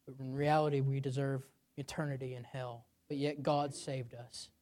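Preaching a sermon, this man shares a personal anecdote that rises to forceful, loud high points and then falls to a soft, low register. His pitch barely moves, and he talks at a normal speed.

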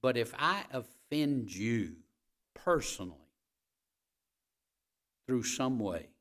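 A man preaching a sermon as pastor, speaking to his congregation directly and folksily, repeating key phrases and swinging between loud emphasis and quiet asides. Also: mid-range voice, big pitch swings, takes it slowly.

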